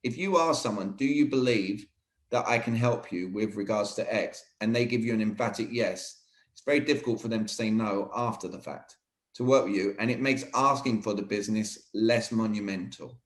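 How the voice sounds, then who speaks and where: Energetic man coaching sales, roomy echo. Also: lowish voice, normal speed. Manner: energetic, emphatic, repeats "all right". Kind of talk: teaching sales techniques in conversation.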